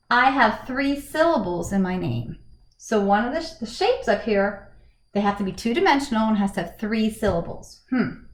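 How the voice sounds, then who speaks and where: A woman teacher giving a slow, encouraging lesson to children from her home, asking them questions in a sing-song way. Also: a little high. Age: adult, married with a young son. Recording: echoey room.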